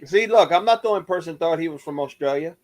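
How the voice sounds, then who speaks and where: Blunt high-voiced man ribbing friends. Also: fast. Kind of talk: casual group video chat.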